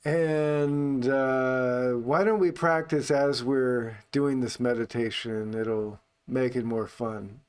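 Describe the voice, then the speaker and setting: A man teaching meditation in an unscripted talk, speaking calmly and unhurriedly, only on the out-breath. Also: medium pitch, takes it slowly, few pauses, clean tone.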